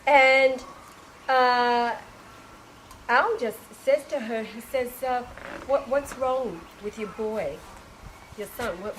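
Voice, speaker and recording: A woman's voice: mid-range voice, a little hiss or hum, low-quality recording. A woman telling a spiritual story in casual speech, acting out other people's lines and laughing often. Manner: animated retelling, acts out dialogue, laughs often. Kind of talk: casual spoken testimony.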